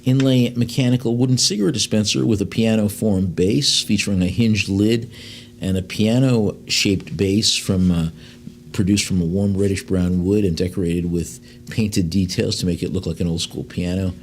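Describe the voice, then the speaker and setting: A man working as an auctioneer in a live sale, reading out lot descriptions and then calling bids in quick runs. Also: lowish voice, steady tone, darkish tone, a little hiss or hum. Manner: fast bid calls between slower lot descriptions, with fillers.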